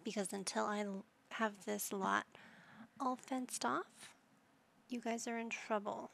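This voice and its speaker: A woman's voice: mid-range voice, fairly even intonation, takes it slowly, vocal fry, fairly bright tone, a little hiss or hum. A young adult woman casually commenting on her gameplay, cooing and doting as she talks to the pets in her game. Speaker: gaming channel host.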